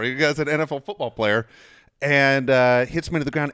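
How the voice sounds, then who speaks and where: 50s guy podcast host, swears a lot, gets loud acting out fights, normal pitch, dry close sound. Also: moderate pace, clean tone, no room sound. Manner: animated, profane, acts out quarrels in a raised voice. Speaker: podcast host and sports media reporter. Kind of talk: casual storytelling.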